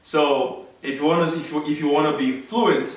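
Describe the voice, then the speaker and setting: A man's voice: on the high side, steady tone, moderate pace. Nigerian man chatting in an echoey room. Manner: explains at length, laughs often, acts out quoted greetings. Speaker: co-host. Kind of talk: casual chat. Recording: echoey room, voice a bit far from the mic.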